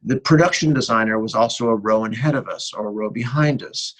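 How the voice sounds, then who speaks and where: A middle-aged American man, a guest cinematographer, tells animated behind-the-scenes stories in a casual interview and acts out bits of dialogue. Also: mid-range voice, a little fast, low-quality recording. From United States. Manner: animated anecdotal storyteller who acts out dialogue.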